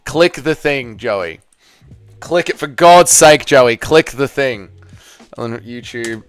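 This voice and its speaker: Male streamer, smooth clear voice, dry close mic with faint music under it. Banters with chat, swears freely. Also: mid-range voice, slow pace, no echo. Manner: swears a lot, laughs often, reads chat aloud. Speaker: live stream host. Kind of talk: casual live stream chat.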